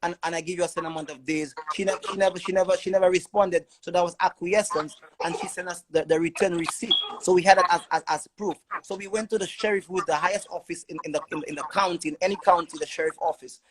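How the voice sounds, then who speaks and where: A man's voice: high-pitched, steady tone, quick pace, hardly any pauses, background noise. A man telling his own story as a father in an emotional testimony, urgent and repeating words in long stammering runs.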